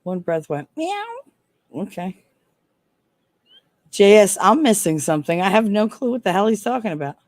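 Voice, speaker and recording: A woman's voice: medium pitch, normal speed, long pauses, no room sound. Middle-aged woman co-host; blunt, profane banter, dry close mic. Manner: blunt, profane, laughs often. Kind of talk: casual livestream chat.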